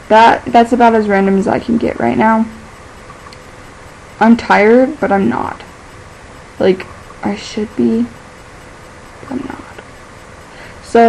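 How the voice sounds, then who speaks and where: A teenage girl rambles through a casual vlog with a gravelly, creaky edge to her mid-pitched voice. She drifts from thought to thought, piling up "like" and breaking into easy laughs. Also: darkish tone, slight background noise, low-quality recording. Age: teens. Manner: chatty and scattered, fills every pause with "like", laughs easily. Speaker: vlogger.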